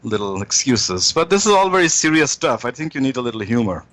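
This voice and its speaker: A man's voice: medium pitch, big pitch swings, fast talker, a bit bright, no echo, poor audio. A man guest in an interview, telling jokes in a rambling way with many restarts.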